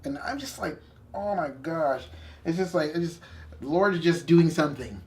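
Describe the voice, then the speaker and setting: A young man co-hosting a faith video channel, telling a story in casual chat with animated asides and self-corrections. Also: on the high side, normal speed.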